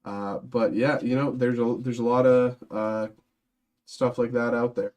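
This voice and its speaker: Young male stream host, casual and rambling, mid-pitched, lots of fillers. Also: steady tone, measured pace, darkish tone. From Massachusetts, outside Boston. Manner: rambling, many fillers and restarts. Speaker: card break host. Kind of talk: casual live-stream chat while opening packs.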